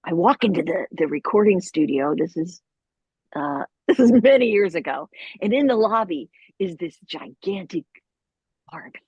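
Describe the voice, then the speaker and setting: Middle-aged woman chatting in an interview, pitch jumping all over, a bit husky, dull lo-fi sound. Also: moderate pace, no room sound. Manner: animated, laughing, frequent fillers. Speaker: voice actor guest. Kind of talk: casual storytelling.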